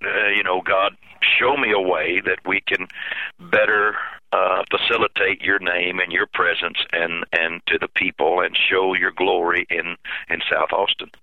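Pastor, very low gravelly voice, halting and emotional, phone-line sound. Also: male voice, level tone, dry recording. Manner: halting, repeats himself, emotional. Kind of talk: telling a personal story in an interview.

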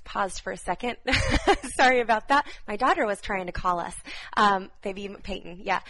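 A woman's voice: mid-range voice, moderate pace, rough recording. Woman, 30s, fervent live-stream prophetic minister, repeats key phrases. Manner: fervent, repetitive, with soft laughs. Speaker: prophetic minister giving words to viewers.

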